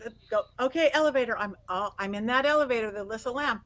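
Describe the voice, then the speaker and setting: A middle-aged woman guest on an interview, telling stories in an animated way, acting out quotes and laughing often. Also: fairly high pitch, fast, low-quality recording. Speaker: guest psychic medium. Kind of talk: casual interview storytelling.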